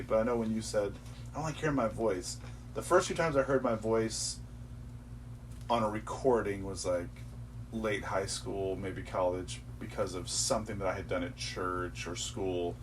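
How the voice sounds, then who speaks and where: A man guest on a podcast, chatting casually in an animated, joking way. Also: on the low side. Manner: animated, joking, acts out quotes. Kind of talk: casual chat. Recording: distant mic with faint hum.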